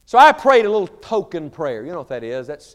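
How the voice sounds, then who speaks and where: A man preaching a sermon, swinging between shouted fervor and quiet storytelling. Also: fairly high pitch, big pitch swings, a little fast. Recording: reverberant large hall.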